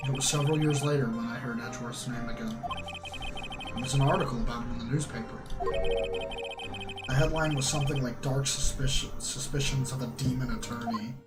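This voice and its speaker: A man's voice: mid-range voice, steady tone, brisk, reverberant, loud music behind the voice. A man on a livestream, chatting and joking with swears while reading game dialogue aloud. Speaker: streamer playing a visual novel.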